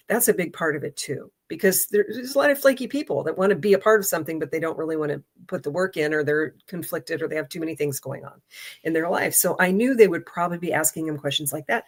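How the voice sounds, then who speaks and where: A middle-aged woman hosting a podcast, telling a story in a chatty, animated way and quoting the people in it. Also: lowish voice. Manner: chatty, animated retelling with laughs and quoted voices. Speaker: podcast host. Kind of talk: casual storytelling monologue.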